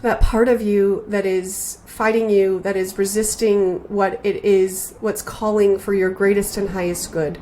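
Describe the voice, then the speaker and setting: A woman hosting a spiritual podcast, speaking slowly and earnestly in a heartfelt, reflective way, often repeating her phrases. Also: mid-range voice, level tone, warm tone, slight background noise. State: emotional, near tears.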